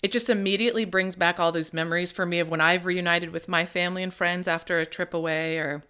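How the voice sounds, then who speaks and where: A woman from Nebraska co-hosting a podcast, chatting casually in an animated, emphatic way. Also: on the low side, fast talker, clear, resonant tone. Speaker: podcast co-host. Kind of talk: casual chat.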